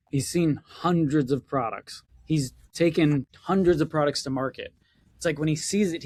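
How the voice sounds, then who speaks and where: A man co-hosting a casual podcast chat as an inventor coach, telling stories animatedly and acting out the lines he quotes. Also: fairly high pitch. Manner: animated storyteller, acts out quoted dialogue.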